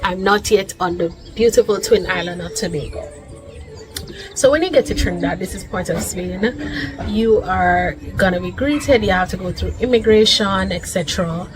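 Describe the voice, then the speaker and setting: A woman's voice: mid-range voice, normal speed, low-quality recording. A Jamaican woman vlogger telling a personal story in an emphatic, heartfelt way, stacking lists and repeating herself for weight. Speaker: vlogger, mother. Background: background music.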